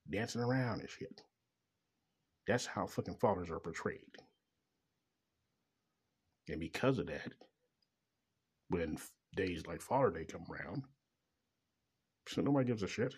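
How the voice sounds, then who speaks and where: A man's voice: sits low, slightly rough. A middle-aged man talking in a bitter, profane, rambling personal monologue about being a father. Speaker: father venting about child support.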